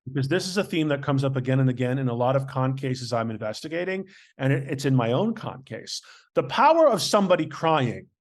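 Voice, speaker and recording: A man's voice: mid-range voice, expressive, fairly quick. A man hosting an interview, breaking in with emphatic explanations for the audience. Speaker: host, investigator. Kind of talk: interview commentary.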